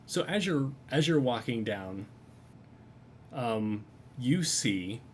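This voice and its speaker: A man's voice: mid-range voice, expressive, slow, slight background noise. A man casually narrating as game master of a tabletop game, rambling with frequent fillers.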